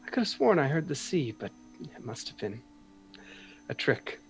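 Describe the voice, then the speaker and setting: A man voicing a gentle, easily overwhelmed young woman, with a hesitant, breathy delivery. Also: high voice, animated, unhurried, soft background music, pitched above the performer's own voice. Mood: uneasy.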